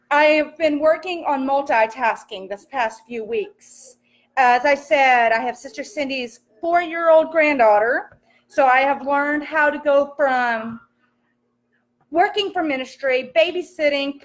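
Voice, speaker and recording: Chatty high-voiced young woman on a livestream. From American countryside. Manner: chatty and upbeat, greets commenters warmly by name, laughs often. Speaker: livestream host cooking while reading comments. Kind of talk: casual chatty livestream while cooking. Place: home kitchen. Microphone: phone camera.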